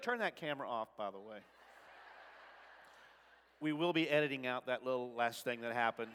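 A man preaching a sermon in a church sanctuary, swinging between shouted lines and soft asides. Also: medium pitch, moderate pace, clean tone. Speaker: pastor. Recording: long reverb of a large sanctuary.

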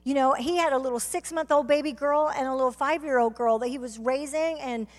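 A woman with a Southern US accent giving a fervent testimony sermon as a guest speaker, telling her story and building to shouts. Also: sits high, brisk. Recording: reverberant hall.

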